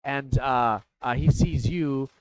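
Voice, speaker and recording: A man narrating as dungeon master, talking in a halting way with many fillers and restarts. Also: medium pitch, dry recording, rough recording. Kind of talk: narrating a tabletop game.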